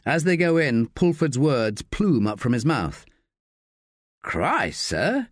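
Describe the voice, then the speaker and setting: A male audiobook narrator tells a crime story in measured, scripted style. His pitch moves expressively while his pace stays slow and deliberate. The recording is dry and close on a studio mic. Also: lively intonation, no echo.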